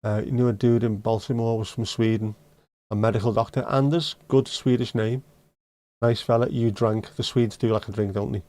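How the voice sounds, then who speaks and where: A middle-aged man hosts a relaxed live stream. He reads viewers' comments aloud and teases them in a joking, conversational way. His voice sits at a middling pitch and is recorded close up with a dry, deadened sound. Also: normal speed, no room sound. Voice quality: joking, teasing banter. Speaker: livestream host. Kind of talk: casual chat reading out viewer comments.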